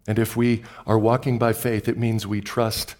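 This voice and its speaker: A male pastor delivers a sermon in a lowish voice. He moves between quiet, slow passages and loud, excited outbursts, repeating words to drive points home.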